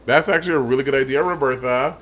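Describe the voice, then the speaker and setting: A young man co-hosting a podcast, chatting casually and profanely and mimicking others in high voices. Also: fast, a crowd in the background. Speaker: podcast co-host. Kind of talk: casual chat.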